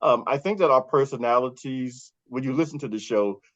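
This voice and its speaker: A man with a New York accent, a podcast co-host being interviewed, telling stories in a lively way and laughing often. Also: medium pitch, brisk, dry recording, dull audio. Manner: animated storyteller, laughs often. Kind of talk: casual interview chat.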